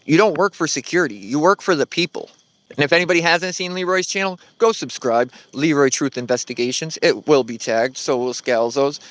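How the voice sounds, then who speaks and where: A man's voice: fairly high pitch, a little fast, fairly bright tone, dry recording. A man giving blunt, sarcastic commentary on a video clip.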